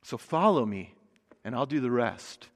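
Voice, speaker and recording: A man doing a gentle, earnest teacher. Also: mid-range voice, expressive, measured pace, voice pushed down. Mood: assuring. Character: calm, assuring male teacher calling followers. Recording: long hall reverb.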